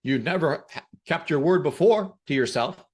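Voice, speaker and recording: A man hosting a podcast who gives a motivational talk and tells stories in an emphatic, animated way. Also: a little high, moderate pace, slightly rough. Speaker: podcast host.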